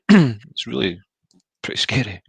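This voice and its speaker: A man co-hosting a casual chat, speaking in a measured, supportive way with short affirmations. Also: mid-range voice, very animated, creaky, slightly rough, dry recording.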